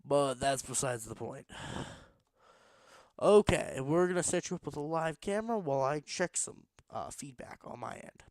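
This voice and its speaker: A man's voice: a little high, animated, normal speed, a little mellow, dry recording. A man streaming a block-building game late at night, rambling to himself in a tired, casual way while he builds. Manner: rambling, self-talking, tired but pushing energy.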